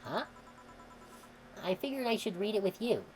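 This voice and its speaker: A woman streamer reading a game's dialogue aloud, expressive and sometimes heated. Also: mid-range voice, moderate pace, slight background noise, low-quality recording. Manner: expressive, swings into heated outbursts when reading.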